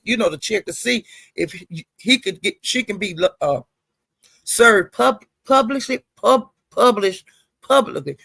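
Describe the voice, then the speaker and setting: A woman's voice: mid-range voice, creaky, no room sound. A woman live streamer in a casual, rambling rant, swearing freely and greeting viewers in the chat.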